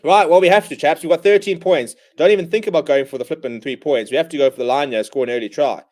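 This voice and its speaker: A man's voice: on the high side, fast talker, a little mellow. Exasperated man ranting over live rugby. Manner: exasperated, ranting fan commentary; calls play-by-play in bursts. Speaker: watchalong host. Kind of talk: live match watchalong commentary.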